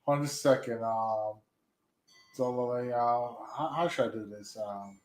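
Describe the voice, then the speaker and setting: A man's voice: medium pitch, unhurried. A man hosting a casual livestream, reacting to a video as he chats. He rambles, repeats himself and stalls with "hold on". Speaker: livestream host. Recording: roomy echo.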